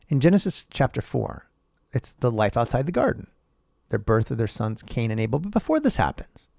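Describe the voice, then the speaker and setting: A man's voice: medium pitch, creaky, a little mellow, no echo, clean studio sound. A man hosting a podcast, reading old texts aloud and riffing on them in a profane, sarcastic, rambling way. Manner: profane, sarcastic, rambling, laughs at own jokes. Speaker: podcast host.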